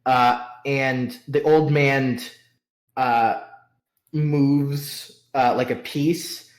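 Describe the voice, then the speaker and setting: A man's voice: mid-range voice, fairly even intonation, very slow. A man acting as game master, describing the scene in a hesitant way with many fillers. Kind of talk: narrating a tabletop game.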